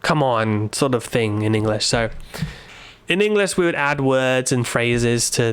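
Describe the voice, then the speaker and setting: A man's voice: medium pitch, animated, moderate pace, fairly bright tone, smooth. A man giving a casual spoken lesson, explaining in a conversational way and acting out short everyday exchanges as examples. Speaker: language teacher.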